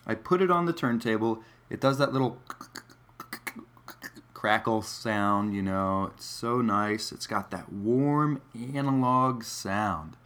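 Rambling, musing man with a low voice. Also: expressive, takes it slowly, a bit bright. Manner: musing, wry, digressive, many fillers. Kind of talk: rambling casual monologue.

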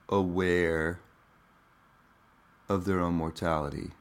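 A groggy man who has just woken up, hosting his podcast in a put-on Australian/New Zealand accent with a deep morning voice, rambling and deadpan. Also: takes it slowly. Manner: rambling, deadpan, self-mocking. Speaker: podcast host. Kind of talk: rambling comedic monologue.

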